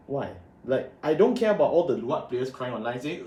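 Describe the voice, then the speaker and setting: Speaking at normal speed, a man with a dark-toned, mid-range voice and big pitch swings hosts a card game channel. He rants at the camera about a new ban list, exasperated and sarcastic, in an echoey room with faint ambience.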